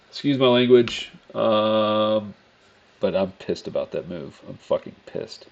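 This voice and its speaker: A low-voiced, gravelly man talks his viewers through his live trades, cursing often and muttering to calm himself down between moves. The stream audio is dull and lo-fi. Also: measured pace. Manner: swears often, groans and mutters at the market; calms himself down out loud. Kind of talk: live trading commentary.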